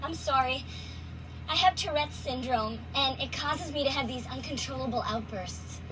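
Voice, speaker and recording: Actor doing a high squeaky cartoon kid, meek then blurting, clip with loud noise behind. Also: normal speed, close to an everyday voice. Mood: apologetic. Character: young boy with uncontrollable outbursts.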